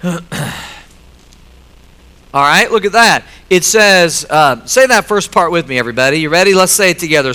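A middle-aged man preaching a sermon in a church, swinging between loud emphatic lines and quiet joking asides to the congregation. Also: high-pitched, expressive, normal speed, clear, resonant tone, low-quality recording. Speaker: pastor. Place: church sanctuary.

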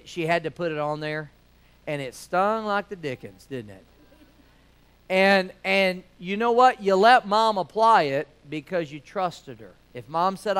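A middle-aged man, preaching a sermon in a folksy storytelling manner that swings between loud emphasis and quiet asides. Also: a little high, clean tone, low-quality recording. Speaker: pastor.

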